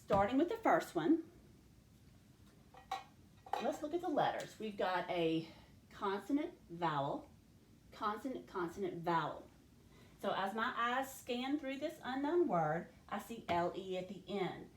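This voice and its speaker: Woman teacher, clear and methodical, speaking to students in a roomy space. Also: mid-range voice, very animated, a little slow, pauses often. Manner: clear, step-by-step instructional delivery, addressing students directly. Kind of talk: recorded classroom phonics lesson. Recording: roomy echo.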